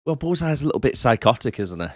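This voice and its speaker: Wry man, lively pitch. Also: quick pace, no room sound, clean studio sound. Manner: wry, mocking asides with tag questions. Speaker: podcast co-host. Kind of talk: casual movie roast chat.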